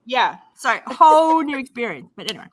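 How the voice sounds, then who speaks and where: A woman's voice: fairly high pitch, fairly quick. An Australian woman co-hosting a craft chat channel, telling stories in casual chat and acting out quoted dialogue. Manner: animated storyteller, acts out quoted dialogue.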